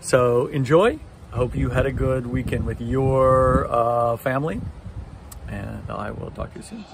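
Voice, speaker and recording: A man records a casual vlog on his phone out on a deck, chatty and wry, poking fun at himself. His voice sits at an ordinary middle pitch. Steady outdoor noise runs under it. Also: unhurried, creaky. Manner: chatty, wry, self-deprecating. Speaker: vlogger.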